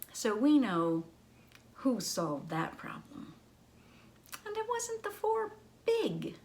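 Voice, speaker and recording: A woman librarian reading a children's story aloud in an expressive, teacherly way. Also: medium pitch, vocal fry, a little hiss or hum.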